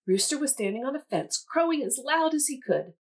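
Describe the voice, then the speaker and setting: A woman museum educator reading a children's storybook aloud in an animated, teacherly way. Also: high voice, a little fast.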